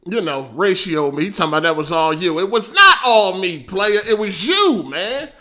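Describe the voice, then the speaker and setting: A man hosting a casual livestream, animated and slangy, laughing often and swearing freely. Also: sits high, unhurried. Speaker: livestream host.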